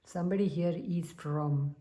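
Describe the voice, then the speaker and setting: A woman giving a spiritual tarot reading, calm and unhurried, pausing with soft hums. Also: lowish voice. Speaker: tarot reader.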